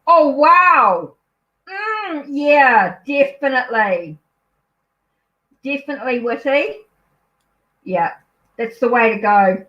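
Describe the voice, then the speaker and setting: A woman's voice: high-pitched, animated, takes it slowly, long pauses. Chatty New Zealand woman, dull lo-fi sound. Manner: chatty, easily distracted, apologetic, thinks aloud. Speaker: tarot reader hosting a live stream. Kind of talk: casual live-stream chat. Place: at home.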